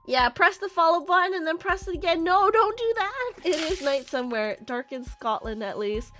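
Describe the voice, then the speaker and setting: A woman streamer chatting casually and excitably with her viewers, often laughing at herself. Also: very high voice, moderate pace, faint music behind. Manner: giggly, excitable, self-deprecating. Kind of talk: casual chat with livestream viewers.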